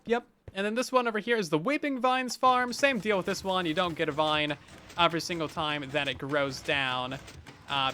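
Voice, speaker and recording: A man's voice: sits high, bright, forceful tone. A man hosting a game let's play, talking in upbeat, chatty commentary with dry sarcastic jokes. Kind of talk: casual gameplay commentary.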